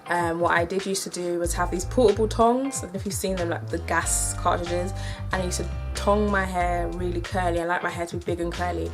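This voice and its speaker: A woman's voice: lowish voice, steady tone, a little fast, music in the background. A British woman in her twenties chatting casually and upbeat to camera as a hair vlogger, full of "like" and "um". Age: 20s. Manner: chatty and upbeat, filler-heavy with "like" and "um".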